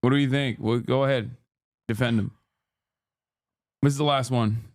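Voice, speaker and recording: A man hosting a live stream, reading chat messages aloud and reacting quickly with swearing and laughter. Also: mid-range voice, fairly even intonation, no echo, studio quality.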